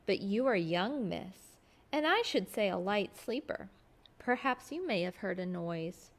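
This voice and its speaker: A woman reading aloud as a composed, guarded middle-aged woman servant, measured and prim. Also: medium pitch, animated. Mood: cool.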